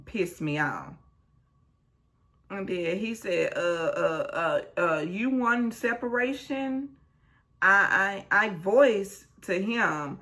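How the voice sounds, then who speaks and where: A woman with a low, gravelly voice recaps a reality show in a casual vlog. She takes her time, acts out what people said, and drops blunt asides along the way. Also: takes it slowly. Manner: animated retelling, acts out quotes, blunt asides.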